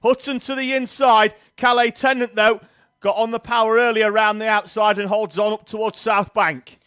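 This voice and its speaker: A man giving brisk live play-by-play commentary on a karting race, reeling off names and grid positions. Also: high-pitched, level tone, fairly bright tone, clear, resonant tone, no echo, studio quality.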